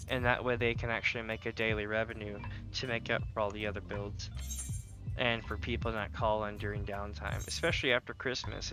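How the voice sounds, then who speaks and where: A man streaming a game live, chatting casually and telling rambling stories with jokey asides. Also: mid-range voice. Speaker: gaming streamer. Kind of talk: casual livestream chat while gaming.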